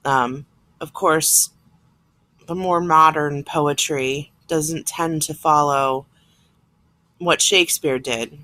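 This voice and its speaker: A woman's voice: low voice, fairly even intonation, slow, pauses often, pushed and bright, no echo. A woman teacher explaining a lesson plainly, step by step, recorded on a computer mic. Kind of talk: classroom lesson recorded on screen.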